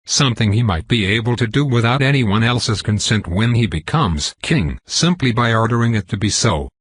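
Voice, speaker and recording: Male narrator, first-person fantasy story, husky, lowish, dry sound. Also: animated, moderate pace, fairly bright tone, no room sound. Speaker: audiobook narrator.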